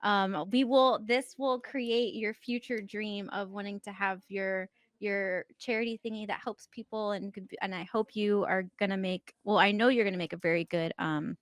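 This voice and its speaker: A woman's voice: medium pitch, fairly even intonation, normal speed, few pauses, no echo, clean studio sound. A woman hosting a podcast in a shy, giggly, earnest casual chat over a video call. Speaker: podcast host.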